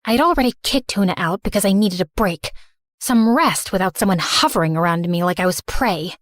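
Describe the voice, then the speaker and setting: A woman narrating a scripted animated story in first person, earnest and remorseful. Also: medium pitch, brisk, dry recording, studio quality.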